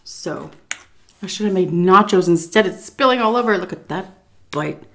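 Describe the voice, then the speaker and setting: Chatty woman telling a story over dinner. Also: on the low side. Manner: chatty, with lots of "like" and "um", pausing to eat. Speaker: YouTuber telling a story while eating. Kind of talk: casual storytelling over a meal. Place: at home, at the dinner table.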